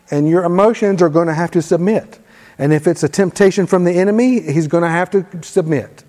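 A man's voice: high voice, brisk, hardly any pauses. Man preaching in a reverberant hall. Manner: leads call-and-response prayer, forceful commands. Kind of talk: sermon teaching.

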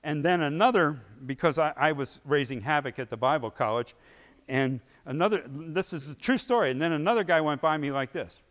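A fairly high-voiced man preaching in a big hall whose long echo trails after his words. He tells his story with energy, acting out scenes and swinging between hushed asides and booming peaks. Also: fairly quick. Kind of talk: sermon storytelling.

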